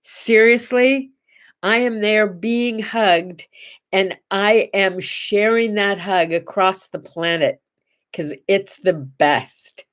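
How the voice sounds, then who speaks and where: A woman's voice: medium pitch, takes it slowly. A middle-aged woman hosting a casual morning chat show, chatty and tender, rambling with little asides. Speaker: host.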